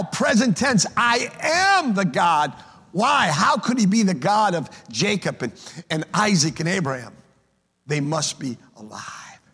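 A man's voice: sits high, a bit bright, husky. A pastor preaching an emphatic sermon, often repeating words as he starts a phrase. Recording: long reverb of a large hall.

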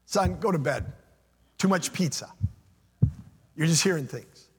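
A man voicing a weary old male priest in a hushed, low voice during a sermon. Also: unhurried, slightly rough, long reverb tail. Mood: gentle. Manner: hushed, lower than the preacher's own voice.

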